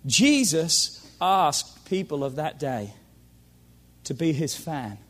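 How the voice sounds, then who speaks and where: A man preaching a sermon to a congregation, who shifts from loud shouted calls to hushed storytelling and repeats lines for emphasis. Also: on the high side, big pitch swings, measured pace. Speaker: pastor.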